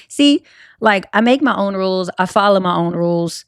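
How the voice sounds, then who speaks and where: A woman's voice: mid-range voice, brisk, clean tone, no echo, studio quality. A young woman with a Cajun accent hosting a solo podcast, talking candidly with lots of fillers and restarts. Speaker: podcast host.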